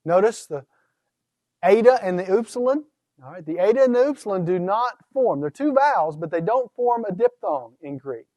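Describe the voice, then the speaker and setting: High-voiced man teaching Greek pronunciation. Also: lively intonation, moderate pace, darkish tone, dry recording. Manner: teacherly, asks questions and answers them. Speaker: Greek instructor. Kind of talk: recorded course lecture.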